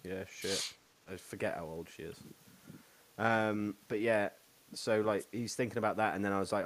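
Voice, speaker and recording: A man's voice: on the low side, moderate pace. A man, host of a casual chat, telling crude stories and laughing as he goes. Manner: animated, laughing storyteller.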